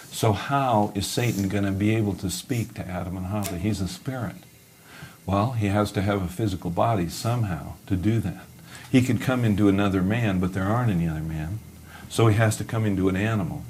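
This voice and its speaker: Male Bible teacher, low voice, storytelling sermon. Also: a little mellow, a little hiss or hum. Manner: storytelling, asks and answers his own questions.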